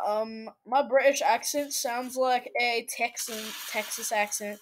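A woman with a high, bright voice talks through her gameplay at an unhurried pace, joking around. She is silly and excitable, and she often breaks into sudden shrieks and shouts. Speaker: gaming video creator. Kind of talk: let's play gameplay commentary.

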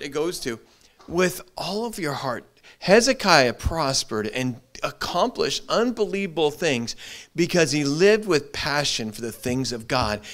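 A middle-aged man preaching a sermon as pastor, animated, repeating his words as he builds. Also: mid-range voice. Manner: animated preaching, acts out short quoted voices, frequent repeated words.

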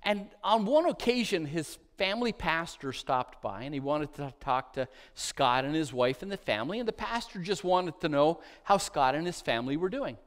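High-voiced male pastor preaching. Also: animated, moderate pace, few pauses. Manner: emphatic, swings between loud declarations and hushed soft phrases; storytelling with repeated lists. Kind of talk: sermon. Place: church sanctuary.

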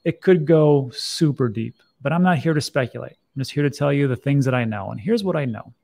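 A man's voice: mid-range voice, expressive, brisk, vocal fry, warm tone. A middle-aged man giving casual commentary on crypto news, chatty and wry, often breaking off mid-thought. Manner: chatty, wry asides, restarts.

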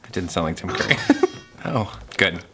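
A man's voice: low voice, animated, moderate pace, sharp tone. A man hosting a casual, playful film reaction, often gasping and laughing at the screen. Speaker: host reviewing a film.

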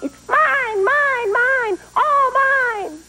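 A woman voicing a mocking, gleeful female raven with a shrill cawing voice. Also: extremely slow, sharp tone, soft background music, full character voice. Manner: taunting, crowing.

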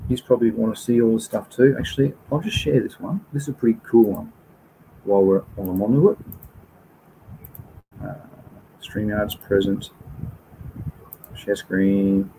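A man's voice: lowish voice, moderate pace, gravelly, pauses often, dark tone, slight background noise, poor audio. A man with an Australian accent hosting a casual livestream, reading out viewer comments and answering questions in an informal, chatty way. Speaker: livestream host.

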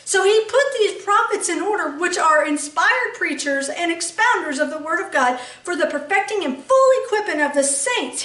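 High-voiced woman preaching in an echoey room. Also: a bit bright, recorded from a distance. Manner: emphatic, frequent rhetorical "okay?" checks. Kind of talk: sermon teaching.

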